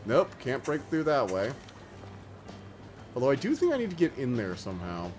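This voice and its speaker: A man's voice: mid-range voice, wildly swooping pitch, moderate pace, music in the background. An American man chatting loosely as he streams a game, rambling with lots of filler words. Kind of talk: casual let's-play commentary.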